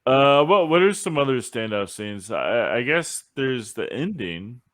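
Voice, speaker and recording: A man runs a casual podcast chat in an everyday middle-range voice. He laughs easily and retells scenes in an animated, playful way. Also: mid-range voice, measured pace, no room sound, studio quality. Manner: laughs often, animated storytelling. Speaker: podcast host.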